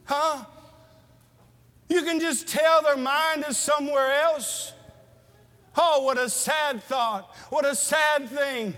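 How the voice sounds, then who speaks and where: A man's voice: very high voice, steady tone, slow, pauses often, pushed and bright. A male pastor preaching a sermon in a church, earnestly asking his listeners questions in a plain-spoken way. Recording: long reverb of a hall.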